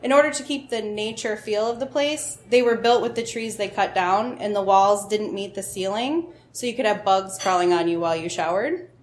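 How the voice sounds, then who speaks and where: A woman's voice: mid-range voice, moderate pace. Wry woman storyteller in a roomy space. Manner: wry, self-mocking, laughs at her own lines. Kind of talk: personal story told to an audience.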